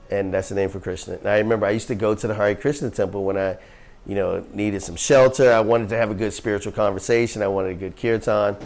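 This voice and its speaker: A man's voice: fairly low pitch, darkish tone. A man teaching a group about yoga scriptures in an earnest, emphatic way, often asking questions and laughing easily as he tells stories. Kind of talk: spiritual teaching talk to a group.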